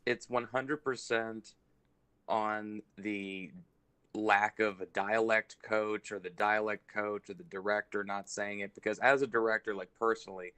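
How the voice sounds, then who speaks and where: A man co-hosting a casual TV review chat, opinionated and quick to slip into impressions. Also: lowish voice, fairly even intonation, pushed and bright, clean tone. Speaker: podcast co-host.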